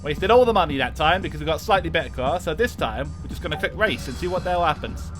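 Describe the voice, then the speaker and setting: A man's voice: a little high, expressive, fast, over music, lightly acted. A man putting on a jokey Cockney accent while streaming a racing game, with hammy, boisterous banter. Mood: cheeky. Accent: put-on Cockney.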